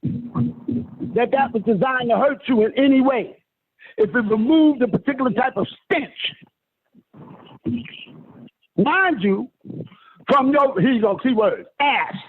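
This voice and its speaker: A man's voice: very high voice, measured pace, pauses often, slightly rough. A man preaching a lecture to listeners on a phone call, emphatic and swooping, addressing them as honey and sister. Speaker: self-styled spiritual teacher. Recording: tinny phone line with faint hiss.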